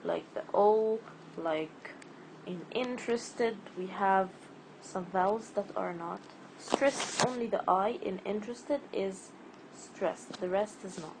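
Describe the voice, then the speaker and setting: A woman's voice: mid-range voice, slow pace, background noise. A woman teaching a spelling and pronunciation lesson, patiently repeating words and stretching the stressed syllables.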